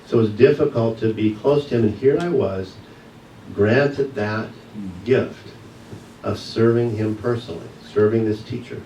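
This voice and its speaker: A man's voice: fairly low pitch, a little slow, mellow, highs cut off. A man giving an earnest, reflective personal testimony as a guest speaker at a church service. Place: church sanctuary. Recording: echoey room, distant mic, faint hiss.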